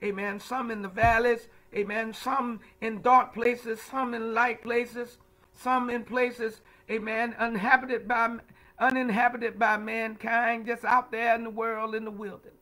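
High, bright-voiced preaching man. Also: flat delivery, measured pace, low-quality recording. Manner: call-and-response preaching, frequent "amen" and "huh?"; repeats words, stammering restarts. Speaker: pastor leading Bible study. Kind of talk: livestreamed Bible study teaching.

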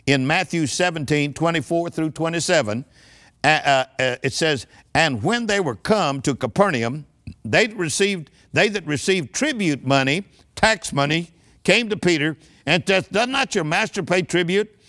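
A man's voice: on the high side, expressive, normal speed, a bit bright. An older man preaching a sermon, emphatic and rousing, calling on the audience to answer back. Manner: emphatic call-and-response preaching.

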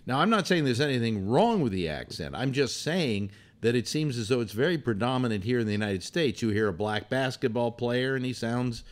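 A man hosting a casual call-in show, rambling and halting with many restarts. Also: medium pitch, expressive. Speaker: host.

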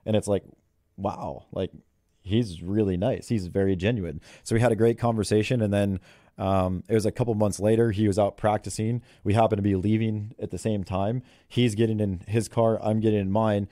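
A man's voice: fairly low pitch, fairly even intonation, moderate pace, warm tone, no echo, clean studio sound. A man who is a head golf coach, telling stories in an interview in a chatty way and laughing often. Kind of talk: interview storytelling.

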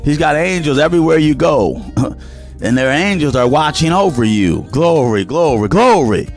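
Man, Southern accent, pastor, radio sermon, lively sing-song delivery, somewhat high voice. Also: normal speed, faint music behind. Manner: animated preaching cadence, sing-song emphasis.

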